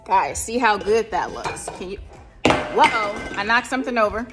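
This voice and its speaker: A woman's voice: mid-range voice, expressive, moderate pace, over loud music. A woman hosting a cooking vlog in her home kitchen, chatting directly to her viewers as she cooks. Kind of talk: casual cooking demo talk.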